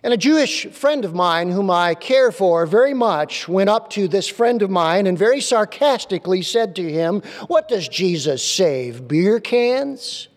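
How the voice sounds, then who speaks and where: A male pastor preaching a sermon in a church, emphatic and repeating key phrases slowly. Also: sits high, expressive. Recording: long reverb of a large hall.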